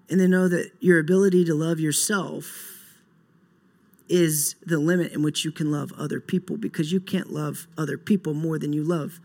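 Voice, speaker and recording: A young man preaching a sermon earnestly, moving between soft, slow passages and loud, emphatic bursts. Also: a little high. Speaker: pastor.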